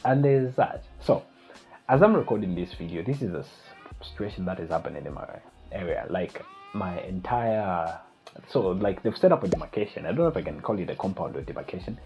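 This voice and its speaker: A young man vlogging, retelling a night of panic in a casual, animated storytelling way. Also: low-pitched, fairly quick. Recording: slightly dull lo-fi recording with faint music.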